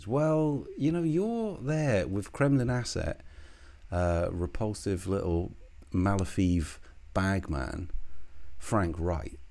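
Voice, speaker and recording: A man's voice: low voice, expressive, slow, a little mellow. A British man giving a solo political commentary, scornful and heated, swearing often.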